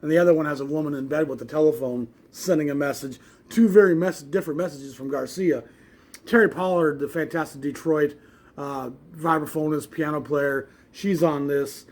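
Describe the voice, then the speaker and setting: A man's voice: on the high side, steady tone, normal speed, darkish tone. A man hosting a casual record show-and-tell, enthusiastic and rambling, with many fillers and restarts. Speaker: jazz record collector host.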